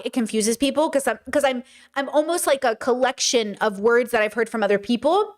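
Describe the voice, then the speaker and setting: Young woman host for a casual stream; chatty and animated, sits a little high, lapses into imitated voices. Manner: animated, chatty, often mimics voices mid-story. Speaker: livestream host. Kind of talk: casual livestream chat.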